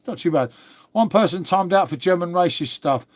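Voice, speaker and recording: A man's voice: high-pitched, lively intonation, moderate pace. A middle-aged man from England hosting a casual live stream, rambling on, swearing freely and calling everyone mate.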